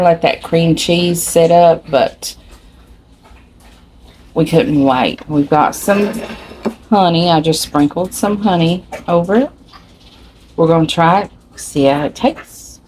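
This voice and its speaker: A woman's voice: fairly low pitch, takes it slowly, darkish tone, a little hiss or hum, poor audio. An older woman with a Kentucky accent hosting a casual home cooking vlog, chatting and explaining each step as she goes. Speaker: cooking channel host.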